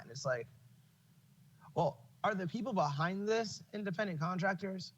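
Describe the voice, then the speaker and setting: A man's voice: sits high, normal speed, fairly bright tone, lo-fi sound. A man hosting a podcast in casual chat, swearing freely and laughing as he tells stories. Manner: profane, opinionated, laughs while telling stories. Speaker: podcast host.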